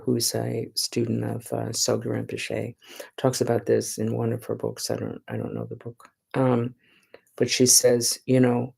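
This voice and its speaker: A woman giving a Buddhist dharma talk as a nun, in an unhurried, conversational way that often checks in with her listeners. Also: very deep voice, vocal fry, darkish tone, husky. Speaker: Buddhist nun teaching meditation.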